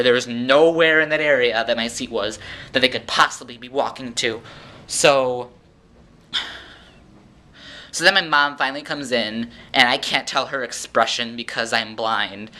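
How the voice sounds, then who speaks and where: Bright-voiced man rambling through a story. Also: medium pitch, normal speed. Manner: rambling, animated, acts out quoted voices. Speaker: vlogger. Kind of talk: casual storytelling monologue.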